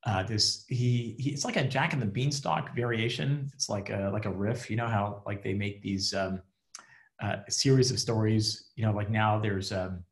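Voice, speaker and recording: A man's voice: on the low side, moderate pace. A man, a rabbi, giving a casual class presentation over a video call, chatty and joking with many fillers. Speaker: rabbi and relationship teacher.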